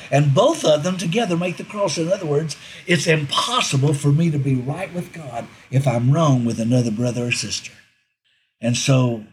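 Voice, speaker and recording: A middle-aged man preaching a sermon. His voice is strongly husky and breathy and sits a little high. He repeats his main points for emphasis and lifts sharply in pitch when he quotes someone. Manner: repeats key lines for emphasis, leaps up in pitch when quoting. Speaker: pastor.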